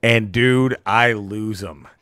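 A man's voice: slow pace, clear, resonant tone, no echo. A man co-hosting a podcast, telling a comedy road story in a loose, casual way. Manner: animated, laughing storyteller who breaks into squeaky laughter.

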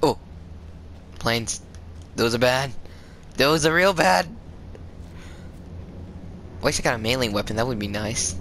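Male gaming commentator, excitable and rambly, bright tense tone. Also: medium pitch, slow pace, pauses often, slight background noise. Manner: excitable, rambling, swears and laughs often. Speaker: gaming video creator. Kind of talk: live gameplay commentary.

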